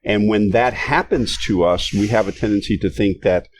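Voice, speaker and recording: A man co-hosting a faith podcast, agreeable and quick to affirm his partner. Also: lowish voice, slight background noise. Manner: agreeable, lots of affirming murmurs. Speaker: podcast co-host. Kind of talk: casual faith conversation.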